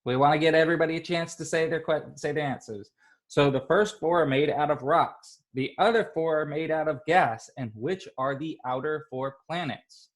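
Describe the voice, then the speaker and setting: A male elementary school teacher leading a class of young children, upbeat and encouraging, sounding out syllables slowly. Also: fairly high pitch.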